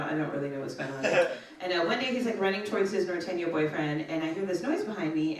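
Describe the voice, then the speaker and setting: A woman stand-up comedian telling chatty stories and bantering with the audience, recorded on a comedy club stage. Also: medium pitch. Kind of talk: stand-up set with crowd work. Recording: echoey club, distant mic, audience laughter.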